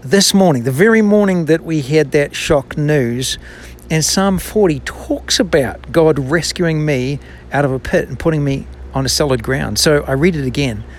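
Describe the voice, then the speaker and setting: A man's voice: on the high side, moderate pace, slight background noise. A man, a business owner and former banker, telling a personal faith story in a candid, self-deprecating and reflective way.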